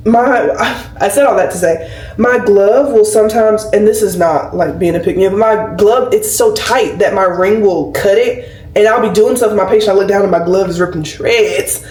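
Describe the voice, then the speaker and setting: A nurse in her twenties vlogs at home, doing her hair as she chats casually to the camera at a normal pace in a mid-range voice. Her storytelling is animated and full of fillers. The recording sounds roomy and somewhat distant.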